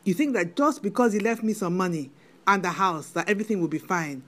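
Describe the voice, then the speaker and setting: A woman's voice: mid-range voice, brisk, lightly acted. A middle-aged woman with a Nigerian accent playing a bitter, wounded widow in a film drama, given to indignant "eh?"s. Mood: aggrieved. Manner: indignant, tearful, repeats "eh?". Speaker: widowed mother.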